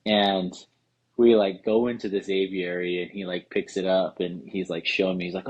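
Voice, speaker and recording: A man, co-hosting a podcast and telling a story in a casual, animated way, acting out quotes. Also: sits low, normal speed, slightly rough, rough recording. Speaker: podcast co-host.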